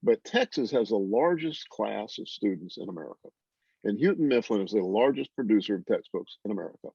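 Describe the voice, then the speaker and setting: A man's voice: fairly low pitch, lively intonation, a little fast, vocal fry, darkish tone, husky, no room sound. A man moderating a class discussion on a video call, asking questions in a folksy, wry way. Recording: dry, dull video call audio.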